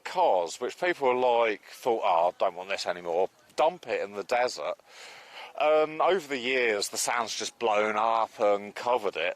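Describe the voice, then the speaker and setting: A man chatting casually on a live stream from a beach, excitable and sometimes dropping to a hushed voice. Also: mid-range voice. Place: outdoors on a beach at low tide.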